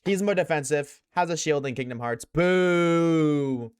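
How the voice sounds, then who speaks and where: A man's voice: on the high side, animated, clear, resonant tone, no room sound, clean studio sound. Slangy, joking young streamer guy. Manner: slangy, joking, talks in quick bursts. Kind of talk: casual chat to a live stream audience.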